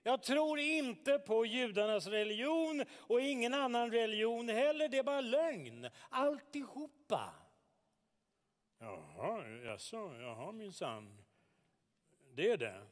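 A man's voice: very high-pitched, very animated, measured pace, big-room sound, full character voice. An actor in a radio drama playing a defiant young man in a heated, scornful family argument. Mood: arguing. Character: defiant young man arguing with his father.

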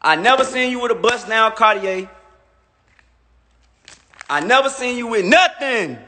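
A man with a very high, bright, forceful voice delivers a taunting livestream rant, stacking boastful jabs one after another. It sounds like a phone mic in a space with a long, echoey reverb. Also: expressive, measured pace. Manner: boastful, mocking, repetitive jabs.

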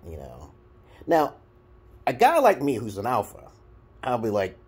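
A man's voice: fairly low pitch, moderate pace, pauses often, slight background noise. A man from Brooklyn with a New York accent, talking bluntly and crudely to the camera in a casual rant of dating advice. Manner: blunt, crude, animated, swings between loud and muttered. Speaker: vlogger giving dating advice.

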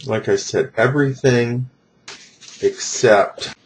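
A man talking himself through a home dental self-treatment on camera, halting and thinking aloud with many restarts. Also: medium pitch, slight background noise, poor audio.

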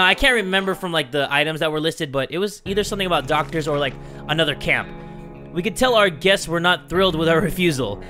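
A young man giving gameplay commentary, reading game text aloud and breaking into loud swearing outbursts. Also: a little high. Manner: reads game text aloud in a mock-dramatic tone. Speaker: gaming YouTuber.

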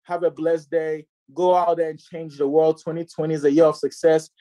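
A man in his twenties giving a preachy, repetitive motivational sales pitch to listeners on a group call. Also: little pitch movement, moderate pace, warm tone, no echo. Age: 20s. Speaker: network marketing presenter.

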